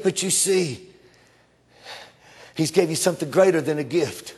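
A male preacher delivering an animated sermon that swings between hushed and shouted lines. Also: fairly high pitch, a little slow, long pauses, breathy edge.

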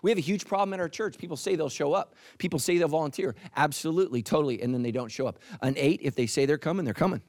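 A man preaching a sermon as the pastor, talking in a lively, punchy way with playful asides. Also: fairly high pitch, rapid-fire, few pauses, dry recording, clean studio sound.

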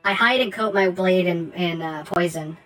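A woman's voice: on the low side, moderate pace, over music, rough recording. A woman playing a tabletop game, dry and wry. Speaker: player.

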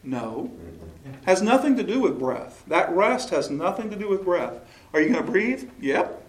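The echoey recording captures a choral workshop led by a man whose sing-song voice sits high and moves at a moderate pace. He alternates explanations and questions with short sung phrases that show what he means.

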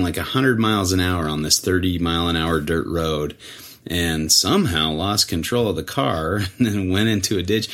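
A man with a fairly low voice tells a casual, rambling story as a podcast co-host. He fills it with fillers and restarts, and he acts out the quotes with animation. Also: fairly bright tone.

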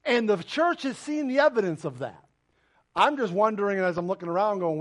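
Speaking fairly quickly in an animated, high-sitting voice, this male pastor delivers an emphatic sermon packed with questions aimed straight at the congregation. His tone is fairly bright, and his intensity rises and falls.

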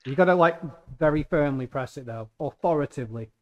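A man's voice: on the high side, fast, dull audio. A man taking part in a tabletop role-playing game. He rambles and jokes while working out what his character would do, thinking aloud. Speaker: player. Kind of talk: casual tabletop play.

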